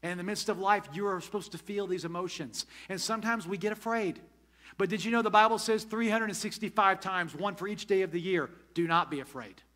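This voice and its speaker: A man's voice: high-pitched, fairly quick, pushed and bright. A male pastor preaching a sermon to his congregation, emphatic, often asking if they are with him. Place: church sanctuary.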